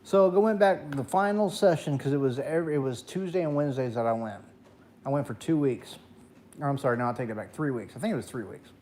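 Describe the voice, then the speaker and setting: A man's voice: quick pace, darkish tone, a little hiss or hum. Male streamer, casual late-night storyteller, mid-range voice, dry throat, profane and rambling. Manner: profane, rambling, jumps to high voice when quoting. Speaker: gaming streamer.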